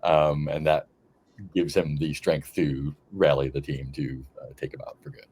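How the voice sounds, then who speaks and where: A man in casual chat, brainstorming a story plot hesitantly with many pauses and restarts. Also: very deep voice, fairly even intonation, darkish tone, husky. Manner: hesitant, full of ums and restarts. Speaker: game player.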